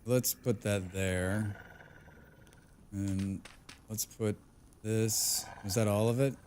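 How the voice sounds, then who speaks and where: A man's voice: lowish voice, fairly even intonation, slow pace, a little mellow, slight background noise. A man casually chatting on a game live stream, humming and mumbling nonsense sounds between remarks. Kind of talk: casual live-stream chat while playing.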